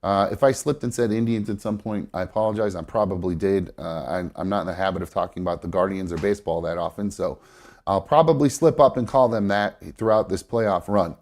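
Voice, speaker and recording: A man's voice: low voice, fairly quick, darkish tone. A man hosting a live show, chatting casually about baseball with lots of fillers and restarts, his nose stuffed up. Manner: rambling, many fillers and self-corrections. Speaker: host.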